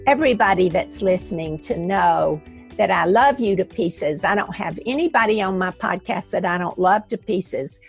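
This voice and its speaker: A woman's voice: lowish voice, normal speed, vocal fry, slightly rough, soft background music. A woman from the American South hosting a podcast interview, effusive and affectionate with her guest. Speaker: podcast host. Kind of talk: warm interview chat.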